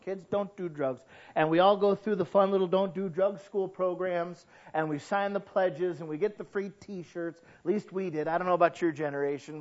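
A man preaching a sermon as pastor, dramatic, dropping soft then bursting into shouts. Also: high-pitched, dull audio.

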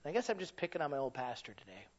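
A man preaching a sermon in an animated, folksy way that sometimes rises to a shout. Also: a little high, very fast. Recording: dull lo-fi sound.

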